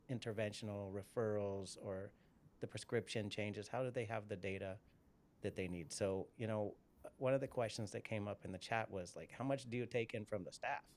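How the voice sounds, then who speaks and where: A man's voice: fairly low pitch, moderate pace, a little mellow. A middle-aged man hosting a live interview, chatting casually and telling stories, often repeating words as he goes. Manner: rambling, repeats words, storytelling. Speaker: podcast host.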